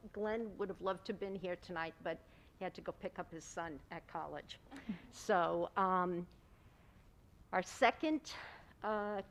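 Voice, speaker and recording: A woman with a slow, unhurried delivery gives a personal tribute as a town councilwoman. She laughs often and sounds close to tears, with faint noise behind her in the meeting room. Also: medium pitch. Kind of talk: heartfelt tribute speech. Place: school board meeting room.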